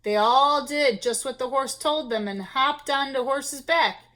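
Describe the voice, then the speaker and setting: A woman reading a children's storybook aloud to young listeners, in a playful, expressive way. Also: sits high, a little slow.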